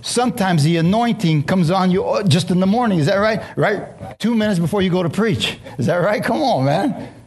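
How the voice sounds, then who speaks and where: A middle-aged man preaching a testimony to a congregation, impassioned and halting, with many restarts and questions thrown to the listeners. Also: high-pitched, darkish tone, breathy edge. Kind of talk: emotional sermon testimony.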